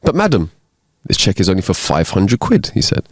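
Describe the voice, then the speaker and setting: A man co-hosting a casual comedy podcast, reading listener jokes aloud and playing the characters with lively put-on voices. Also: deep voice, brisk, dry recording, clean studio sound. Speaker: podcast co-host.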